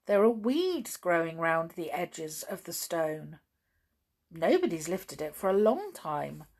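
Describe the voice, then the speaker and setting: A woman's voice: fairly low pitch, sing-song, takes it slowly, a little mellow, heavily acted. A woman voicing a cheerful, sensible boy in a storybook reading, speaking with easy confidence.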